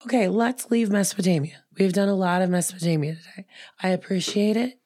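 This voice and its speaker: A woman co-hosting a podcast in casual chat, her voice hoarse from a cold, rambling with fillers and restarts. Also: mid-range voice, a little fast, dark tone, no echo, studio quality. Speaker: podcast co-host.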